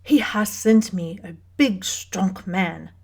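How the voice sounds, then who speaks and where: A woman's voice: creaky, a little mellow, slightly rough, exaggerated voice. A woman putting on a stern old German nun. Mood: commanding. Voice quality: deep guttural, careful spacing of words. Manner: slow, emphatic, commanding.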